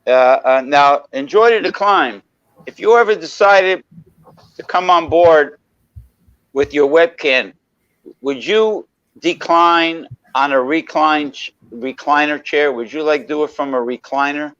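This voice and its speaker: A man's voice: on the high side, measured pace, a bit bright, clean tone, no room sound. A man co-hosting a casual talk show, rambling through anecdotes and greeting viewers in the chat. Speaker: podcast co-host. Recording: dry, dull lo-fi mic.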